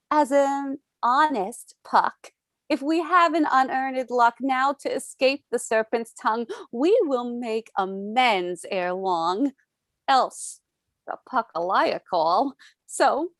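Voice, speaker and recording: A woman plays a mischievous fairy sprite with a high, bright voice. She reads the verse slowly and deliberately, lifting certain words with a lively rise. The sound is dry and close. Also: no room sound, heavily acted. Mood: gentle. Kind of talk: amateur online play reading.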